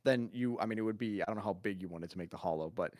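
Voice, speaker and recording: A man's voice: on the low side, fast, a little mellow, no room sound, clean studio sound. A man hosting a casual podcast chat, rambling and laughing often.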